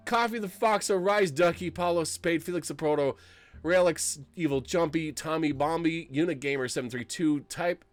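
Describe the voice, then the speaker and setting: A man streaming a game live, shouting excited thanks and then turning tearful and emotional. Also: high-pitched. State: close to tears. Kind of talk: live-streamed gameplay commentary.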